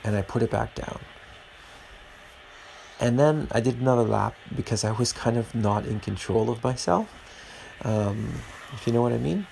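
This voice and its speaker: A man's voice: mid-range voice, moderate pace, vocal fry, darkish tone, a little hiss or hum, poor audio. A man hosting a podcast alone at home, talking in an earnest, preachy and rambling way. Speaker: podcast host. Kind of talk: casual podcast monologue.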